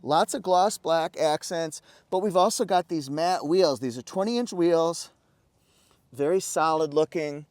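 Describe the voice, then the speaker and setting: A man's voice: fairly high pitch, measured pace, a little mellow, no echo, studio quality. A man giving an enthusiastic, chatty car walkaround review outdoors, breaking into little exclamations.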